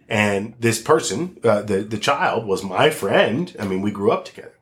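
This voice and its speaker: American man guest on a podcast, reflective and emphatic, lowish voice. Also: animated, normal speed, hardly any pauses, fairly bright tone, a little hiss or hum. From United States. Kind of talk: casual conversation.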